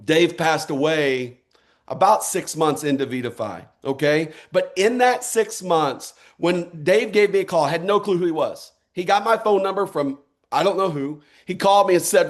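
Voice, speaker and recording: A man in middle age gives a fired-up motivational talk to a sales crowd. His voice sits a bit high, and he speaks in punchy bursts with short rallying calls to action. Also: moderate pace. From United States. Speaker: motivational speaker at a network marketing event. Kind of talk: energetic motivational speech.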